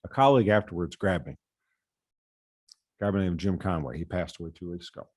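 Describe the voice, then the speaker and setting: A man with a notably low voice delivers prepared testimony before a committee. He speaks earnestly as a patient safety advocate from the US Midwest and often restarts on a repeated word. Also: a little fast, a little mellow.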